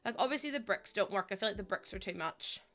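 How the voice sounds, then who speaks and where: A young woman live streaming, thinking aloud as she builds and warmly thanking viewers by name. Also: medium pitch, lively intonation, fast. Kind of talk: casual live-stream chat while building in a game.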